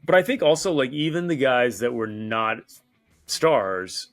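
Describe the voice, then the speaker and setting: A man's voice: mid-range voice, big pitch swings, a little slow, no room sound, faint music behind. Male author guest, thoughtful and rambling, leans on "right?"; dry close sound. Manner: reflective, lots of "like" and "right?". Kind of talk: casual interview chat.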